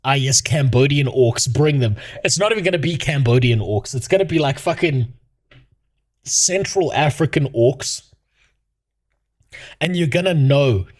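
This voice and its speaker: A man's voice: mid-range voice, lively intonation, a little slow, pauses often. A male streamer ranting casually in a mocking tone, laughing often and rambling. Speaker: streamer host. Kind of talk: casual rant.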